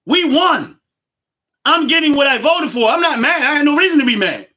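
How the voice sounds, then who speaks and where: A man talks loudly and emphatically on his own livestream, hammering the same points over and over. His voice sits very high for a man, bright and forceful. He argues politics with an insistent, repetitive drive. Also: lively intonation, fairly quick. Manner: loud, emphatic and repetitive, laughs between points. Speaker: livestream host.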